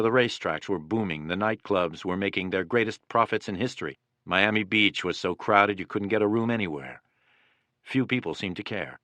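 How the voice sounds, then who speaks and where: A man narrating a war history audiobook in a steady, dramatic reading. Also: on the low side, normal speed, dry recording. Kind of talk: scripted narration.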